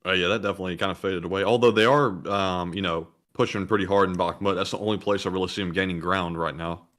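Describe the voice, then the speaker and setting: A man's voice: low voice, fairly even intonation, fast, fairly bright tone. A man co-hosting a livestream, reading out viewer messages in a laid-back, easy manner. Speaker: co-host reading viewer chats. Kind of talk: livestream chat.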